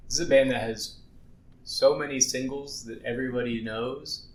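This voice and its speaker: A man's voice: mid-range voice, fairly even intonation, moderate pace. Rambling man in a roomy echo. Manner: rambling, many "like"s, music talk. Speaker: podcast co-host. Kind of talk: casual chat.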